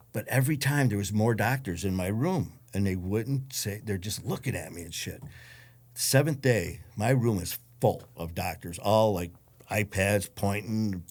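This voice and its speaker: A man's voice: lowish voice, normal speed, a little mellow. A man, a guest telling his story in a blunt, profane way and acting out the voices of others. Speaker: interview guest. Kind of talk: storytelling in a casual interview.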